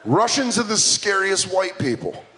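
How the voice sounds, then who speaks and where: A man's voice: sits high, big pitch swings, measured pace, pushed and bright, slight background noise. A young man in his twenties performing a stand-up comedy set, self-mocking and punchy.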